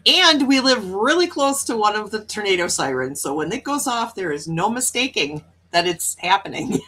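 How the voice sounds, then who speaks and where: With a fairly low pitch and a sharp tone, a woman from Wisconsin reads her chat during a casual morning livestream. She keeps things upbeat and chatty, laughing often with her viewers.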